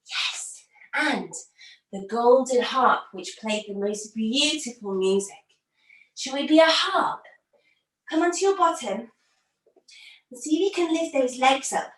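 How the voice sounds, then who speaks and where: A woman with a high voice leads children through a yoga story at an unhurried pace, animated and full of gasps and cheerful encouragement. She speaks over a video call, and the sound is roomy and distant from the mic. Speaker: kids' yoga teacher.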